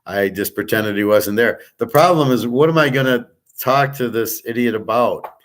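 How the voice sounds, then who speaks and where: A man's voice: medium pitch, moderate pace. A man hosting his own daily online class, telling a story in a blunt, profane and exasperated ranting monologue.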